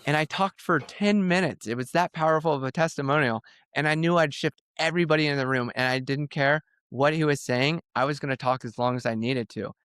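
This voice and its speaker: Intense man telling his story, smooth and dry. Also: a little high, a little fast, hardly any pauses, dry recording. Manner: intense, animated storytelling, quoting himself. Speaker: podcast guest. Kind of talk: candid podcast conversation.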